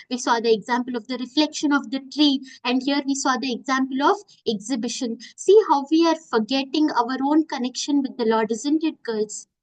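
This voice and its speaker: A woman's voice: high voice, rough recording. A woman teaching a devotional class, telling stories and asking her students questions. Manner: animated storytelling, asks the class questions.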